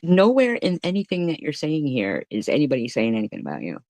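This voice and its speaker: A woman's voice: sits low, huge pitch swings, fast, darkish tone, dry recording. A woman streamer heckling a played clip with blunt, profane, mocking retorts. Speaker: commentary streamer. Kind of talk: heckling commentary.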